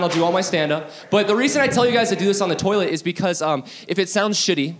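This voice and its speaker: Young male comic, high-pitched, rambling and self-deprecating stand-up. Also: fast, few pauses. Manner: rambling, self-deprecating, drops to mock-low voice for asides. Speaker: stand-up comedian. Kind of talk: stand-up comedy set. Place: bar stage with audience.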